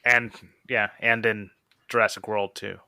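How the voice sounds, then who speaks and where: A man's voice: fairly low pitch, little pitch movement, unhurried, sharp tone, no echo, studio quality. A young man hosting a casual podcast chat, rambling a little as he reads out listener questions. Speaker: podcast host.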